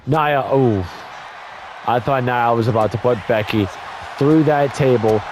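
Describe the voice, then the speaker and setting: Excitable young man doing game play-by-play. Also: mid-range voice, measured pace, a little hiss or hum. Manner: excitable, blurts exclamations, stumbles and corrects himself. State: voice getting worn from talking. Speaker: gaming YouTuber commentating a wrestling game. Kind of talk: casual play-by-play commentary.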